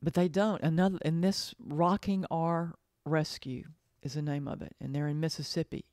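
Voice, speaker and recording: A woman's voice: sits low, steady tone, darkish tone, no room sound, studio quality. A woman talking in a casual monologue, earnest and emotional, often repeating herself and restarting her sentences. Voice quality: halting, repeats phrases, trails off and restarts. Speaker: podcast host.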